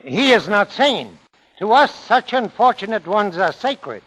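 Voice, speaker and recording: An actor playing a fawning market food vendor in a 1940s film comedy, slow and sing-song. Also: male voice, sits high, big pitch swings, a bit bright, exaggerated voice, rough recording.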